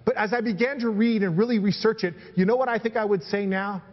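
A man's voice: high-pitched, fairly even intonation, fast, long reverb tail, dull audio. A man preaching a sermon as pastor, reading scripture aloud and building emphasis with repeated phrases.

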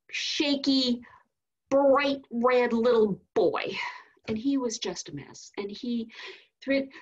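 A woman teaching Sunday school, telling a story in an animated, storytelling way. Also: on the high side, slightly rough, muffled recording. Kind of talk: storytelling lesson.

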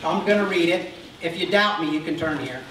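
Over a noisy crowd, a man with a fairly high voice briskly preaches an Easter sermon, animatedly acting out Bible figures and repeatedly asking the congregation "Okay?" His voice comes from a distance in a very echoey church sanctuary, with faint noise.

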